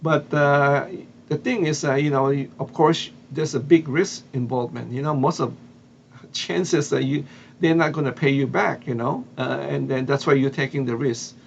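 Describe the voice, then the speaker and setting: A man's voice: mid-range voice, steady tone, normal speed, gravelly, dull audio, slight background noise. A man from the Philippines with a Filipino accent, telling a story casually with lots of fillers and restarts. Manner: hesitant, many fillers and restarts. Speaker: vlogger.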